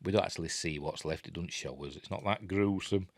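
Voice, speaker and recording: A man's voice: deep voice, brisk, gravelly, no echo, studio quality. A middle-aged man with a Yorkshire accent, giving a rambling, chatty film breakdown full of fillers. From Yorkshire, England. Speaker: film reviewer. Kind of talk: casual film breakdown commentary.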